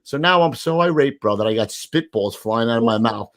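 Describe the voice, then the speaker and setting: A middle-aged man, a podcast co-host, telling a profane, animated story in casual chat. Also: medium pitch, brisk.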